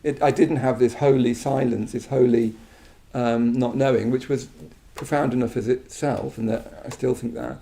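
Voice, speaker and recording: A middle-aged man from England gives a thoughtful Buddhist talk, pausing, restarting and letting asides fade to near silence. His voice has a gravelly edge and a dark, mellow warmth. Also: medium pitch, fairly even intonation, a little hiss or hum. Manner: halting, many restarts and soft trailing asides. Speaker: Buddhist teacher giving a talk. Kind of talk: reflective spoken talk.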